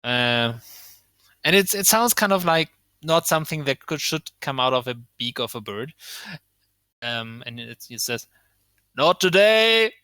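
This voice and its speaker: A man running a tabletop game as game master, narrating slowly and playfully. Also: medium pitch, pushed and bright, dry recording. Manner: slow, playful voicing of a tavern keeper.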